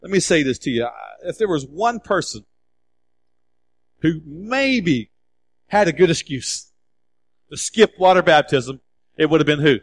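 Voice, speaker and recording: A male pastor preaching a sermon, animated and emphatic, acting out scripture dialogue and repeating key words. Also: a little high, a little slow, long pauses.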